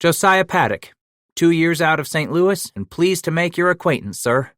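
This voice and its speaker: A man's voice: fairly high pitch, lively intonation, moderate pace, fairly bright tone, no echo, studio quality, voice pushed up. A man doing a polite young frontiersman. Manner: earnest and courteous.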